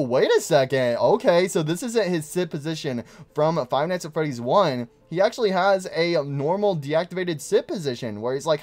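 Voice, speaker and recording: A man giving excitable gameplay commentary on his channel, gushing over details on screen. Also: on the high side. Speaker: gaming YouTuber.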